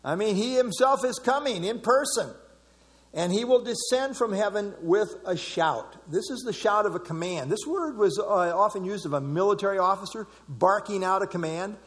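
A man's voice: sits high, normal speed, big-room sound. Emphatic man leading a Bible class. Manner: emphatic, expounding verse by verse. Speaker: Bible study teacher.

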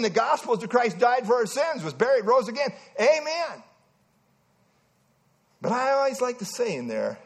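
A man preaching a sermon to a congregation, emphatic and animated, often restarting his phrases. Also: very high voice.

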